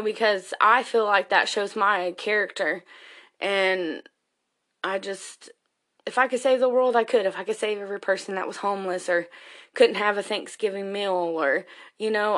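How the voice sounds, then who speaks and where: A woman's voice: medium pitch, fairly bright tone. A woman, a single mother, talking candidly and emotionally in a rambling personal monologue, swearing freely.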